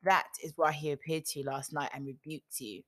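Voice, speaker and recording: A worn, aggrieved herdsman, read by a woman defiantly counts up his years of hard work. The voice is low and close to a plain storybook reading. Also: fairly even intonation, brisk.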